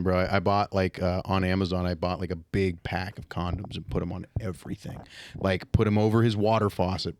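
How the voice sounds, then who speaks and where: A man's voice: sits low, a little hiss or hum. A man on a podcast, telling a prank story in casual chat, swearing and laughing often. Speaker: podcast host.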